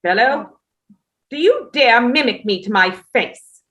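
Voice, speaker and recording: A woman's voice: a little high, lively intonation, measured pace, a bit bright, highs cut off. A woman playing a haughty Tudor queen. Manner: declamatory, imperious. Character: imperious sleepwalking Tudor queen, haughty, commanding. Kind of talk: staged play reading.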